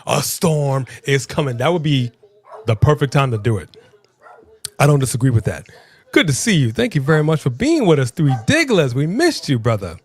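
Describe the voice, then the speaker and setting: A man co-hosting a live stream, chatting casually and playfully reading out viewer comments. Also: mid-range voice. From Southern California. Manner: energetic, playful, reads chat aloud.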